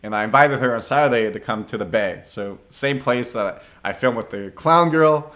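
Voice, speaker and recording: A man's voice: medium pitch, moderate pace, a bit bright. A young man hosting a podcast, casually telling a dating story in a laid-back, slangy way with lots of filler words. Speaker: podcast host.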